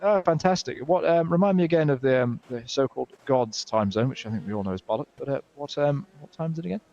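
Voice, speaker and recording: A man's voice: mid-range voice, expressive, quick pace, creaky, darkish tone, lo-fi sound. A man with a British accent playing a news reporter in a role-play interview, teasing his guests dryly.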